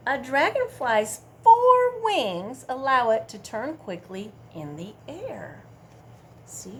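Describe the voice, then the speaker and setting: A woman's voice: mid-range voice, gravelly, a little hiss or hum. A woman librarian with a Midwestern American accent reading a picture book aloud at a children's storytime, coaxing the kids to count and join in. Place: public library.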